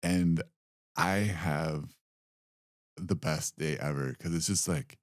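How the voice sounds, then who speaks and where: A man co-hosting a podcast, talking casually in a halting, self-deprecating way with many restarts. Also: extremely low pitch, no room sound, studio quality. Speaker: podcast co-host. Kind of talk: casual chat.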